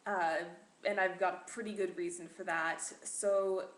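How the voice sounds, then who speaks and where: A woman's voice: on the low side, fairly even intonation, measured pace. A teenage girl vlogging casually to camera, rambling with lots of fillers and self-deprecating asides. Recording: echoey room with faint noise.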